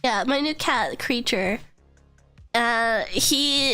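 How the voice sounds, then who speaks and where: A woman streamer, hoarse from being sick, chatting casually and giggling, squealing greetings to her viewers from her bedroom. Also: on the high side, animated, a little slow, a bit bright, soft background music. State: hoarse from illness. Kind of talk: casual live-stream chat.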